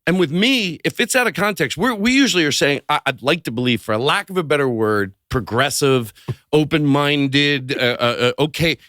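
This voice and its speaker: A man telling stories in a casual podcast chat, animated and jumping up in pitch as he goes. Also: normal speed, no room sound, studio quality. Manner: animated storyteller, jumps up in pitch. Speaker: comedian guest.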